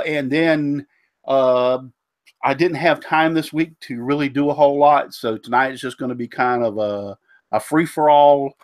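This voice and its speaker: A man with a cold hosts a casual live stream, his voice sitting at a middle pitch. He rambles through fillers and keeps fumbling names. The sound is dry and close to the mic. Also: dry recording. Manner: rambling, stumbles over names, frequent fillers. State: congested, recovering from a cold. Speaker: host of a woodworking live show.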